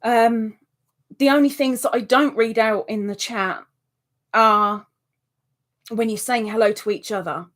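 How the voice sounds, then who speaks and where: A woman hosts a live stream with a relaxed, unhurried delivery and a voice sitting a little high. She chats casually, reads out viewer comments and answers them, and bursts into excitable exclamations.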